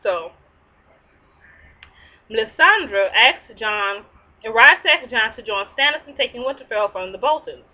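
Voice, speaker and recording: Woman host, casual recap style, sassy slangy asides, a bit high, muffled home mic. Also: animated, normal speed.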